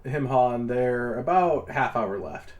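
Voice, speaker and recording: A man serves as game master at a tabletop game, laying out the party's options. He speaks in a relaxed, matter-of-fact way at a middling pitch. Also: a little slow.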